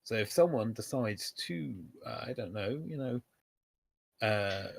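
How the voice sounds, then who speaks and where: A man in a casual podcast chat, talking in a measured, thoughtful way with frequent hedging fillers. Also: fairly low pitch, lively intonation, creaky, dry recording. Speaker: podcast co-host.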